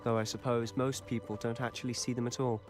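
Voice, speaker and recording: An actor playing a confident teenage wizard student in a video game, well-spoken, wry and self-assured. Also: male voice, mid-range voice, level tone, fast talker, lightly acted. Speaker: student companion. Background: game music.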